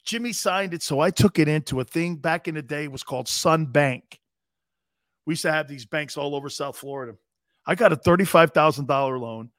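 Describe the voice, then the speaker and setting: A man's voice: a little high, brisk, a bit bright, no room sound, studio quality. A man in his fifties hosting a sports talk show, telling profane, laughing anecdotes in casual chat.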